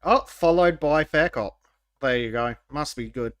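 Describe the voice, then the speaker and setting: A man hosting a podcast in casual chat, wry and sarcastic, with halting restarts. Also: a little high, a bit bright, dry recording. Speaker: podcast host.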